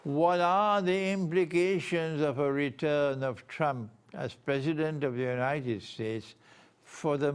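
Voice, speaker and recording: An older man giving an Islamic lecture on world affairs, speaking in slow, deliberate, emphatic phrases. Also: mid-range voice, smooth. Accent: Trinidadian. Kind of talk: measured religious lecture.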